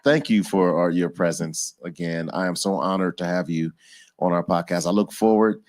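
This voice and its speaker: A man from Los Angeles co-hosting a podcast and radio show, talking in an animated, emphatic way as he hypes his guest. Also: low-pitched, normal speed. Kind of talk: casual interview chat. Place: home studio on a video stream.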